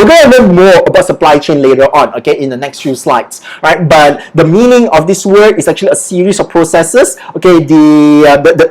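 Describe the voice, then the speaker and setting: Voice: medium pitch, darkish tone, poor audio. A lecturer giving a livestreamed online business lesson. The lecturer keeps checking in with "okay" and "all right" and has students repeat words aloud. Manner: peppers speech with "okay" and "all right", drills pronunciation by repetition.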